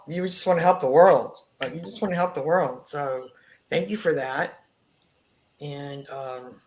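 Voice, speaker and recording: A woman giving a psychic reading, slowly searching for words and repeating herself. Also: low-pitched, darkish tone. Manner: slow, repetitive, searching. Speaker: psychic reader. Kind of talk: spoken reading.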